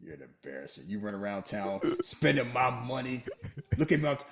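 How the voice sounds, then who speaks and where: A man's voice: medium pitch, sing-song, a little fast, background noise. A man co-hosting a casual podcast, joking through a film and acting out its lines in put-on voices. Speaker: podcast co-host. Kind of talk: casual movie commentary chat.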